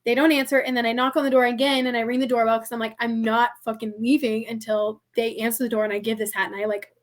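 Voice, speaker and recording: A young American woman with a high voice tells a story on a podcast. She is chatty and casual and fills her speech with "like". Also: little pitch movement, fast. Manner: chatty, heavy use of "like", laughs often. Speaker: podcast guest.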